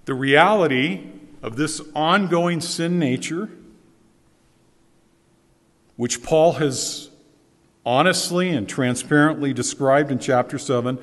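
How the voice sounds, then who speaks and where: A man's voice: a little high, slow pace, pauses often. A man preaching a sermon as pastor, earnest and emphatic, repeating his key phrases for weight. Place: church sanctuary. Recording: long church reverb.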